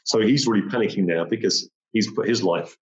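A man tells a gripping personal story at a rapid clip. His voice sits a little low, and he repeats phrases and acts out key moments. The recording sounds roomy and slightly muffled.

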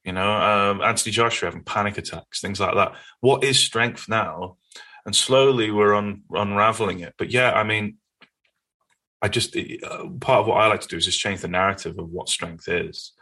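A man with a Northern English accent, a guest in an interview, telling stories in an earnest, animated way. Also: on the low side, normal speed. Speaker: podcast guest. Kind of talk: conversational interview.

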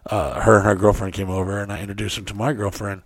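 A man's voice: lowish voice, flat delivery, fast talker, no room sound, clean studio sound. A young man in casual chat, telling crude stories in a rambling, loose way.

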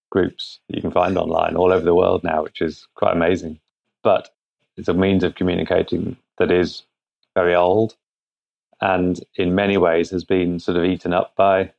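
Brief: man as an interview guest, very low and gravelly, unhurried and halting, heard over muffled remote call audio. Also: a little mellow. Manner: thoughtful, halting, frequent restarts. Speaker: guest, product founder. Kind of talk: conversational interview answers.

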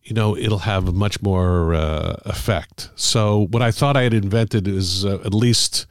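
A man, middle-aged or older, an author telling stories about the craft of writing in a casual, halting way with many fillers. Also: on the low side, fairly even intonation, no room sound, studio quality. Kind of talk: casual conversational storytelling.

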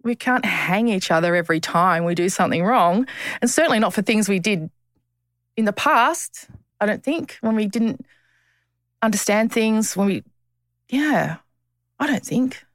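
A woman's voice: mid-range voice, animated, unhurried, pauses often, no room sound, studio quality. A woman, speaking as a podcast guest. She talks frankly and bluntly, with teasing humour and the odd swear word. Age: 50s. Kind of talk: candid conversational interview.

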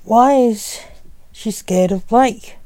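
A woman's voice: fairly high pitch, slow pace, warm tone, dry recording, pitched above the performer's own voice. A woman voicing an accusing vampire man in a read-aloud story.

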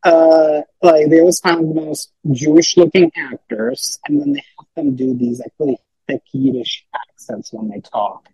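A man's voice: a little high, animated, normal speed, gravelly, few pauses, warm tone, husky, no room sound, muffled recording. A man talking as a podcast guest in casual chat, rambling with lots of fillers and restarts.

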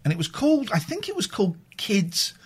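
A man hosts a radio phone-in and teases his callers in quick-witted, playful banter. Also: sits high, wildly swooping pitch, breathy edge.

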